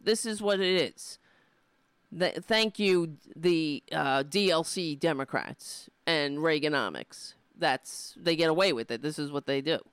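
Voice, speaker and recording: A political vlogger with a low-leaning yet fairly bright, clear and resonant voice rants to camera in a casual monologue. Indignant and rambling, she restarts often and swears a lot. It's recorded on a camera mic with no echo.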